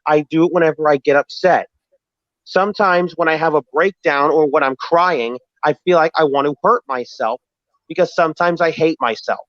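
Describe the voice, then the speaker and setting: A man's voice: fairly high pitch, moderate pace, a bit bright, dry recording. A man arguing on a live stream, defensive and repeating himself as he explains his feelings. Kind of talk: heated live-stream argument. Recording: dry, dull lo-fi stream audio.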